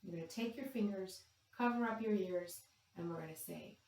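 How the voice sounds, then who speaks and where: A woman leading a yoga class for young children, talking them gently and playfully through animal poses and animal sounds. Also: medium pitch, moderate pace, creaky. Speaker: kids yoga instructor. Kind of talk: guided kids yoga class. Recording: echoey room, distant from mic.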